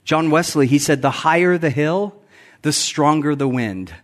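A man's voice: on the high side, expressive, measured pace. A man in his forties, a guest pastor giving a conversational sermon with self-deprecating humor, often chuckling at his own stories. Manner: acts out quotes with raised voice. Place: church sanctuary.

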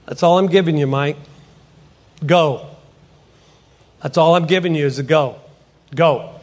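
A middle-aged man with a high-pitched voice tells his faith testimony from the front of a church. He is an animated storyteller who slips into the voices of the people in his story. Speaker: potter and ministry speaker. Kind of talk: testimony sermon.

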